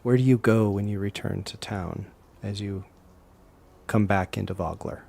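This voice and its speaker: A man's voice: lowish voice, fairly even intonation, moderate pace, vocal fry, darkish tone. A man narrating scenes as game master of a tabletop role-playing game.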